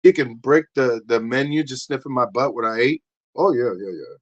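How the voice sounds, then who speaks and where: A man hosting a livestream, rambling through a crude comic rant, acting out little voices and bursting into shouts. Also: mid-range voice, animated, normal speed, lo-fi sound. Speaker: livestream host.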